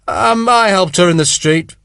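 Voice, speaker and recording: A man's voice: high voice, unhurried, creaky, bright, forceful tone, clear, resonant tone, dry recording, studio quality, voice pushed up, exaggerated voice. A man voicing a terse, guarded soldier. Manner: clipped, evasive. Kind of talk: audiobook character voice.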